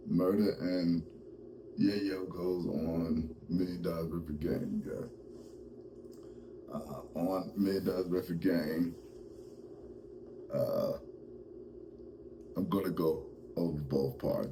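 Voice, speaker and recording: A man's voice: low-pitched, dark tone, a little hiss or hum, poor audio. A male host giving casual, comedic commentary, laughing often and rambling with fillers.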